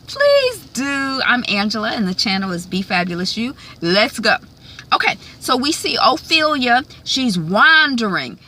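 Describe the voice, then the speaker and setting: A woman's voice: medium pitch, pushed and bright, slight background noise. A woman hosting a casual TV episode recap at home, chatty and rambling with playful asides. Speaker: host of a TV recap channel.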